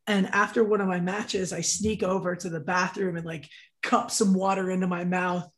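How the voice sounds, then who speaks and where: A man co-hosting a podcast, caught up in telling a story. He talks casually and with excitement, throwing in "dude" as he goes. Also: high-pitched, moderate pace. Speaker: podcast co-host.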